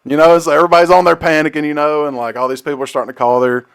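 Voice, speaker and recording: A man's voice: a little high, rapid-fire, creaky, clear, resonant tone, no echo. Dry-sounding man telling stories with laughs. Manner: animated storyteller, laughs while retelling a comedy skit. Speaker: podcast co-host. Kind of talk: casual chat.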